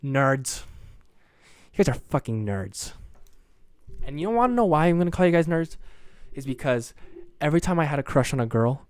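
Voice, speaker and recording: A man's voice: a little high, very animated, normal speed, a little mellow, clear, resonant tone, no room sound, studio quality. A young man hosting his own podcast alone, rambling in a crude, jokey, self-deprecating way. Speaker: podcast host.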